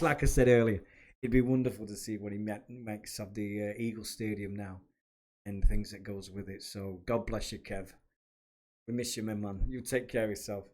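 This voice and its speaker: A man hosting a podcast, reminiscing in a rambling, chatty way. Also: on the low side. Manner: rambling, chatty, with many restarts. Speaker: podcast host and former kit man. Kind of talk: casual reminiscing monologue.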